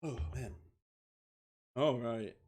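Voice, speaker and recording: A man's voice: medium pitch, drawn-out words, a little mellow, slightly rough. A young man streaming a comic reading of fan fiction, giggling, stumbling over words and swearing in asides.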